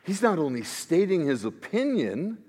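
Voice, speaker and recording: A man, a pastor, preaching a sermon in an expressive style that swings between hushed asides and emphatic declarations. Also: fairly high pitch, moderate pace, slightly rough. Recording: long reverb of a large hall.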